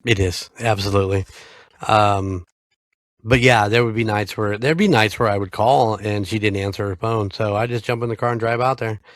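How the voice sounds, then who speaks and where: Low-voiced American man telling a family story. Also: steady tone, moderate pace, no echo. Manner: storytelling, swears freely, acts out quoted lines. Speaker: podcast co-host. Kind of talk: casual chat.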